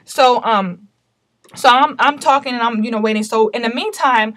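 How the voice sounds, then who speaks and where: A mother telling a personal story to camera in a casual, animated way, full of indignation and emphatic quoted dialogue. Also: a little high, moderate pace, dry recording. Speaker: vlogger recounting a personal story.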